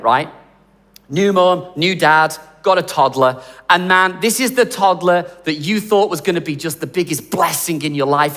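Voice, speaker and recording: A man preaching in a lively, chatty, joking style, with a notably high speaking voice. His words ring out with a long reverb that trails through a church hall. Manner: animated, conversational, jokey preaching. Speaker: pastor. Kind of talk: sermon.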